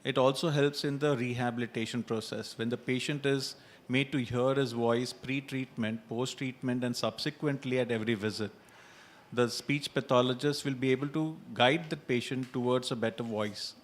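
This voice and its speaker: A man speaking as a surgeon in a panel discussion, explaining in a steady, measured way. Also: mid-range voice.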